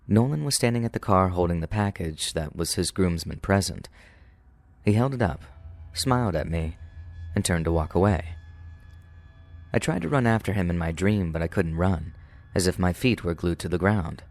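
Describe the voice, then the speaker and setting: A man narrating true paranormal stories in a calm, steady, scripted way. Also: low-pitched, normal speed, no room sound. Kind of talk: scripted horror story narration.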